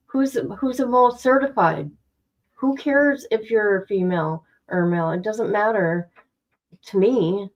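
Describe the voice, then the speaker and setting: A woman's voice: medium pitch, takes it slowly, long pauses, highs cut off. A woman streaming casual commentary to her viewers, blunt and chatty, speaking straight to her audience. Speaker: streamer reacting to news.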